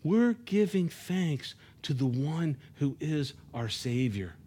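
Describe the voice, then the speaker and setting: A man preaching a sermon as pastor, in an earnest style, repeating words as he searches for phrasing and sinking low and soft at the ends of phrases. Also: very animated, takes it slowly, a little hiss or hum.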